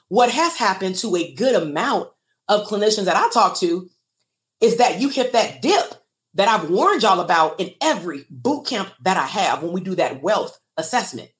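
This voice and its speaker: A woman, a therapist and business coach, talking candidly and emotionally to viewers on a livestream and asking them to comment. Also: medium pitch. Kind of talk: casual livestream talk to viewers.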